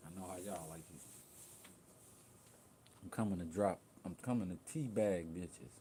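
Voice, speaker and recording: Blunt, profane man with a low voice. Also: a little slow, mellow, a little hiss or hum. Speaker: livestream host. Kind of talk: casual livestream rant.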